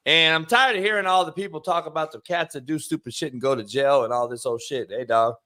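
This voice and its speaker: A man's voice: on the high side, sharp tone. A man hosting a sports talk show, brash and profane, reading sponsor spots and stretching words out for emphasis. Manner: brash, profane, shifts between drawn-out emphasis and quick bursts. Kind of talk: loud casual sports talk with ad reads.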